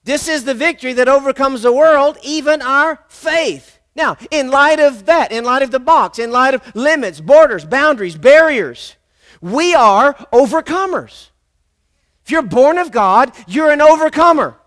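A man's voice: very high voice, animated, moderate pace, few pauses, a bit bright. A man preaching a sermon as pastor in a church, emphatic and repetitive, calling on the congregation to answer back.

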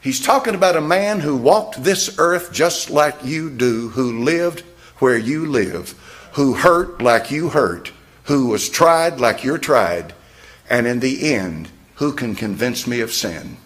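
A man's voice: mid-range voice, animated, takes it slowly, a bit bright. A man preaching a sermon in a church, firing rhetorical questions at his congregation. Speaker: pastor.

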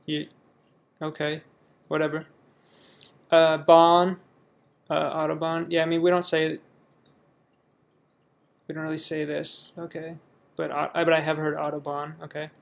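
A man's voice: fairly high pitch, completely flat delivery, unhurried, gravelly, long pauses. A young man from the United States casually reading a word list aloud and reacting offhandedly in a vlog. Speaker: vlogger.

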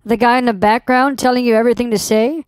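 A woman's voice: on the high side, steady tone, fast talker, clean tone, dry recording, clean studio sound. A woman posing as a customer on a prank call, confrontational and demanding, swearing when annoyed. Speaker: scam baiter posing as a customer.

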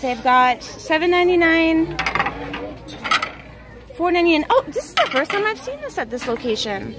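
A young woman with an extremely high-pitched, very animated voice chats through a casual shopping vlog, firing off prices. She films handheld in a large store, where loud music makes the recording very noisy.

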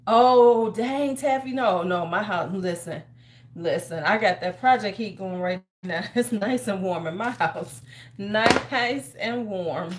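A woman's voice: medium pitch, unhurried. Chatty woman hosting a home livestream. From United States. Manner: chatty, greets viewers by name, talks to herself while busy. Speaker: beauty livestream host. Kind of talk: casual livestream chat. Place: home in winter.

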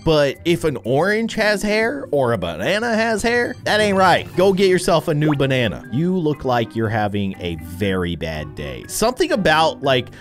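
An American man giving goofy, rambling gameplay commentary, jumping from mumbled asides to excited squeals. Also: a little high, moderate pace, few pauses, soft background music. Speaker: gaming YouTuber.

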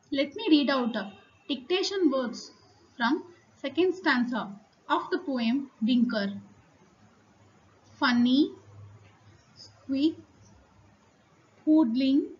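A woman teaches a school lesson in a high, light voice. She speaks slowly and carefully, spelling out meanings and repeating each word list. The recording is a little dull and lo-fi. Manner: slow, careful explaining with repeated word lists.

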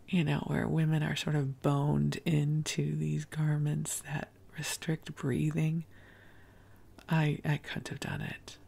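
A woman hosting a bedtime podcast, talking softly and gently, partly in a whisper. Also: low-pitched, creaky. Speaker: podcast host. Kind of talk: soothing bedtime storytelling.

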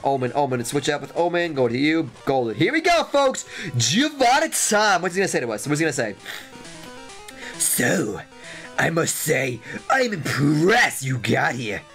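Excitable man with a lively voice. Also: fairly high pitch. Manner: excitable, jokey, exclaims and repeats himself. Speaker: let's play host. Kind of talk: gameplay commentary.

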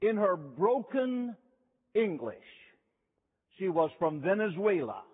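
A man preaching a sermon, telling stories slowly and emphatically, repeating key phrases. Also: high-pitched, big pitch swings, husky. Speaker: revival preacher. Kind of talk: sermon with storytelling. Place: chapel. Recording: tinny lo-fi chapel recording with long reverb.

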